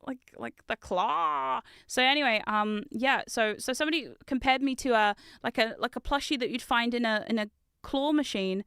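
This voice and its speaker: A woman streamer chatting casually with viewers while building Lego, excitable and giggly, and swearing when something goes wrong. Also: on the high side, normal speed, gravelly, clear, resonant tone, no echo, studio quality. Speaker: VTuber streamer.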